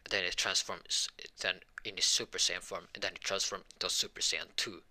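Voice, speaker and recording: A man narrating an improvised fan story in a rambling, halting way with many restarts. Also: low-pitched, steady tone, pushed and bright.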